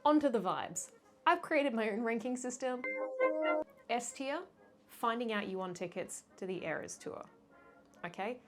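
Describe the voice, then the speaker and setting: A woman's voice: fairly high pitch, lively intonation, a little slow, long pauses, loud music behind the voice. Playful self-mocking young woman vlogger. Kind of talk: casual chatty fashion ranking.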